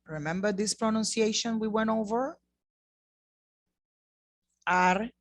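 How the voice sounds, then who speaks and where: A woman's voice: lowish voice, slow, no room sound. A woman teaching an online Spanish lesson, speaking patiently and repeating words to model their pronunciation. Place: class produced in the Bahamas.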